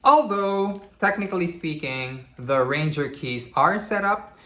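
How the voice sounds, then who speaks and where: A man talks through a toy review in a loose, chatty way, scattering casual asides as he goes. His voice is bright and forward, and it rings off the walls of an echoey room. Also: on the high side, measured pace. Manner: chatty, relaxed, many "you know" asides. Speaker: toy reviewer, channel host.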